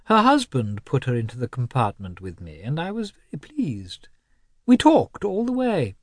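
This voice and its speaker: Gossipy elderly countess, high breathy voice, swooping lines, a man reading her. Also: huge pitch swings, normal speed, no echo, studio quality. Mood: fond. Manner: gossipy, affectionate. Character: elderly countess, fond and chatty.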